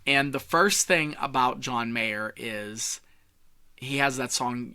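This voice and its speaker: Bright-voiced man coaching public speaking. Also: medium pitch, lively intonation, measured pace, clean tone. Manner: swings volume and tone on purpose, from loud to hushed; casual and joking. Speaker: communication coach.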